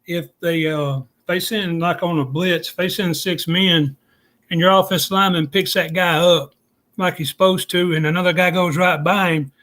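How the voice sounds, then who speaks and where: A man's voice: high voice, fairly even intonation, normal speed, a bit bright. A man, talking casually as a guest and explaining things step by step in a folksy, plainspoken way. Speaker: guest analyst. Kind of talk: casual podcast chat.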